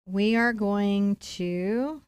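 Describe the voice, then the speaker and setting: A woman's voice: mid-range voice, extremely slow, clean tone, no echo. Encouraging woman teaching painting, dry sound. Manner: encouraging, playful, talks to viewers directly. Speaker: painting instructor. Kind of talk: live-streamed painting lesson.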